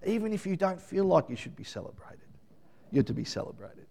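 A middle-aged man preaching a Mother's Day sermon, dropping to quiet asides and then building to loud emphatic shouts. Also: high voice, big pitch swings, fairly quick, gravelly. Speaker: pastor.

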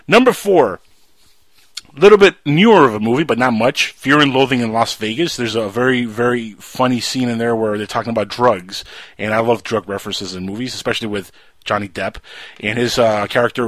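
Enthusiastic and fond of reciting lines from films, this man hosts a casual movie talk show, his pitch climbing as he acts out quotes. He speaks at a moderate pace in a slightly bright voice, recorded without echo.

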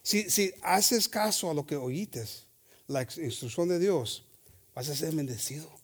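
A man preaching a bilingual sermon, reading scripture slowly and acting out the voices of his listeners. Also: fairly high pitch, slightly rough. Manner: switches between Spanish and English, reads scripture slowly; acts out congregants' voices, animated. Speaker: pastor.

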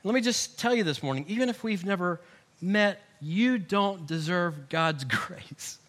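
A male pastor delivers an animated sermon, punching some lines loudly and dropping others to a near whisper. His voice is high and bright, and it cuts through clearly. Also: measured pace. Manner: animated, swings between loud emphasis and hushed asides.

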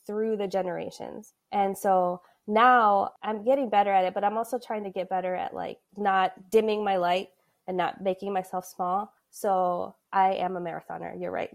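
A woman in her thirties telling her story as a podcast guest, chatty, full of "like" fillers and quick laughs. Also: medium pitch, fairly even intonation, vocal fry. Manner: chatty, frequent "like" fillers, laughs mid-sentence. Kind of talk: casual conversational storytelling.

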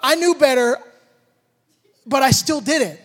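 A man with an unusually high voice tells a story about his family, acting out each beat with shouted sound effects. His words ring out with the long reverb of a large hall. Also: measured pace. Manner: animated, acts out the moments with shouted sound effects. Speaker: father telling a personal story. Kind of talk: storytelling talk with a life lesson.

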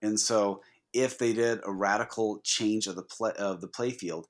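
A man with a somewhat low voice co-hosts a casual podcast chat. He talks in an animated, easygoing way, with plenty of fillers along the way. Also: normal speed. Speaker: podcast co-host.

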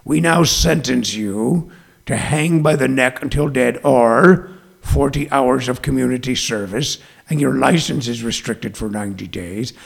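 A man's voice: gravelly, slightly rough. A man doing a stern old judge. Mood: grave. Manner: slow, grave, booming delivery. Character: stern old male judge passing sentence.

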